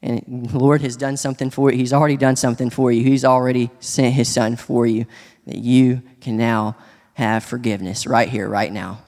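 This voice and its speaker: A man sharing a personal testimony in church, speaking earnestly and haltingly, with many restarts. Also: medium pitch, little pitch movement, a little mellow. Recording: long hall reverb.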